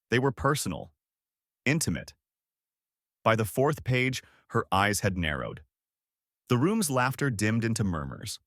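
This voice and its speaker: A man narrating a first-person story in a steady, even storytelling manner. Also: lowish voice, dry recording, clean studio sound.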